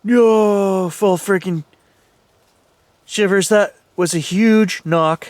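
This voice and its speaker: Alone outdoors at night, a man with a high voice speaks very slowly, with no echo, in a ghost-hunting vlog. He talks nervously and thinks aloud to his viewers.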